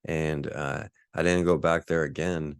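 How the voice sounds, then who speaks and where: A man's voice: very deep voice, little pitch movement, measured pace, vocal fry, clear, resonant tone, no echo, clean studio sound. A man in his forties from Texas, telling a rambling, laid-back story as a podcast host. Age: 40s. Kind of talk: casual storytelling monologue.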